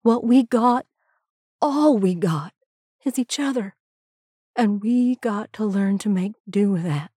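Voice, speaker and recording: Woman as grieving father: low-key, hushed, slow and gentle. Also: lively intonation, slightly rough, dry recording, clean studio sound. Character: quiet grieving father of a boy.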